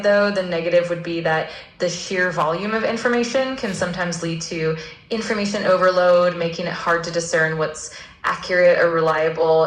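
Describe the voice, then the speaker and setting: A woman's voice: lowish voice, echoey room, poor audio. A synthetic woman's voice with an American accent, answering as a polite and agreeable AI assistant. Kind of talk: scripted discussion replies.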